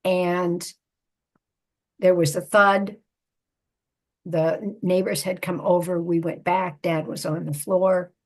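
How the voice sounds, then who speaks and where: Older woman guest, husky lowish voice, recounting a personal story in an interview. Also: little pitch movement. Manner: measured, reflective storytelling. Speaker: guest, psychotherapist and author.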